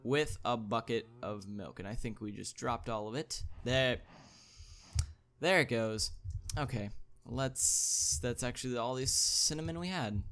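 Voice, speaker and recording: A man hosting a gaming video, thinking aloud as he plays, chatty, with excited interjections. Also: medium pitch, unhurried. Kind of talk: casual gameplay commentary.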